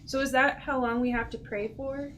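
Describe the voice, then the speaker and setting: A woman's voice: high-pitched, fairly even intonation, moderate pace, fairly bright tone, a little hiss or hum. A woman co-hosting a livestream who reads viewer questions aloud, chatting casually and laughing easily. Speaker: co-host reading viewer questions.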